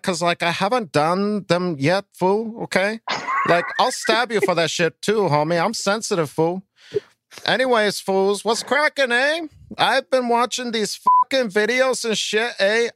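A man's voice: high voice, sharp tone, dry recording, studio quality, voice pushed up. A man voicing a brash, tough young Chola woman who trash-talks and swaggers through slangy mock threats.

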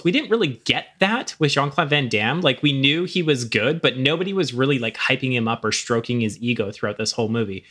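A man's voice: medium pitch, lively intonation, fairly quick, hardly any pauses, a bit bright. Laid-back rambling man in a chat. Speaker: podcast co-host. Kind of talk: casual movie review chat.

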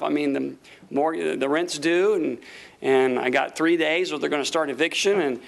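A man preaching a sermon, telling a story with lively acted-out quotes and frequent laughter. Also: a little high, a little fast, vocal fry. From Florida. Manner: animated, acts out quotes, laughs often. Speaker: pastor.

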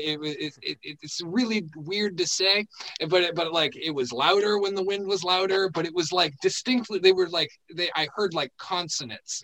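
A young man telling a story in casual chat, halting and full of fillers and restarts, laughing often. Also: fairly high pitch, bright, forceful tone, poor audio. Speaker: podcast guest telling a story.

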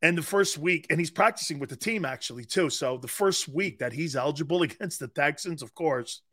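A man's voice: on the high side, expressive, brisk, pushed and bright. A middle-aged man hosting a sports talk show, chatting casually, joking and laughing often with rambling asides. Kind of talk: casual sports radio banter.

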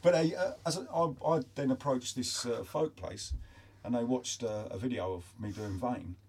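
A man chatting as a guest musician, telling animated stories and laughing as he tells them. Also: mid-range voice, normal speed, breathy edge. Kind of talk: casual chat, storytelling.

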